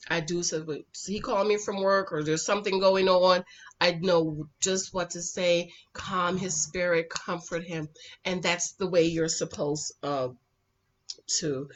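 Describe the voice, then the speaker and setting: A woman giving casual recap commentary on a reality show, sassy and animated, scolding the people on screen and swinging between loud outbursts and quiet asides. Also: lowish voice. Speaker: reality TV reviewer.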